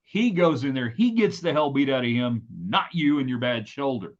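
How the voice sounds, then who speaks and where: A middle-aged man hosting a casual live-stream chat from his home office, talking in an animated, emphatic and rambling way. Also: medium pitch, normal speed, few pauses, muffled recording. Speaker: host.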